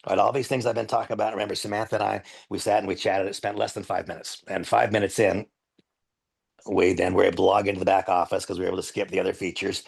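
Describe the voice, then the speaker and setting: A man's voice: sits low, flat delivery, fast, vocal fry, husky. An older man giving a live training demonstration on a headset mic, earnest and emphatic, repeating his key points.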